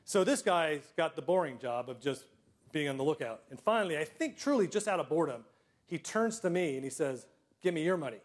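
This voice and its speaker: A middle-aged man telling personal stories to a live audience, self-deprecating, with comic timing and frequent throat clearing. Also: on the high side, lively intonation, fairly quick. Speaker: storyteller.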